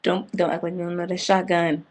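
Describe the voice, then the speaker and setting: A woman excitedly recapping a TV episode in casual slang, breaking into loud outbursts. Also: on the low side, fairly quick. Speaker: TV fan reviewer.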